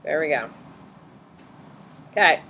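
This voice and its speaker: A woman teacher in a classroom, questioning students briskly and bluntly correcting their answers. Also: sits low, lively intonation, creaky, sharp tone.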